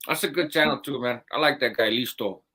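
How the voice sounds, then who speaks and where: Bright-voiced laid-back man podcaster. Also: mid-range voice, fairly quick. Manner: laid-back, chuckling, loose rambling speech. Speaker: podcast co-host. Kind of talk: casual live podcast chat.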